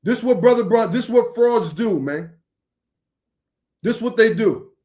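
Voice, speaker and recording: An online preacher rants confrontationally on a livestream, using informal vernacular, calling out a rival directly and repeating himself. His voice is high-pitched, expressive, unhurried and a little mellow.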